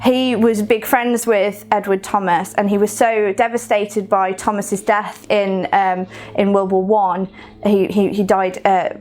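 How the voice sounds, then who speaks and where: A woman's voice: medium pitch, level tone, a little slow, darkish tone, faint music behind. A woman with a Coventry accent leading a recorded poetry lesson, explaining in a chatty way with fillers and restarts. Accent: Coventry English. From Coventry, England. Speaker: poetry workshop leader.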